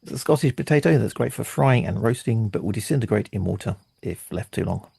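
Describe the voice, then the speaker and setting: A man's voice: on the low side, lively intonation, a little fast, creaky, dark tone, breathy edge, no echo. A man hosting a podcast and running a quiz for his co-hosts, delivering answers in a dry, teasing way during casual chat. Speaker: podcast host and quizmaster.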